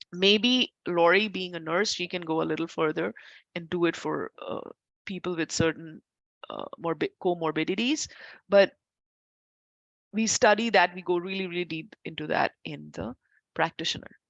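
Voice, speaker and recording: A woman's voice: lowish voice, normal speed, vocal fry, long pauses, no room sound, highs cut off. A woman teaching a class as an instructor, talking informally, often correcting herself mid-sentence and making asides to her students. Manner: chatty, self-correcting, warm asides to students. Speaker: Ayurveda instructor.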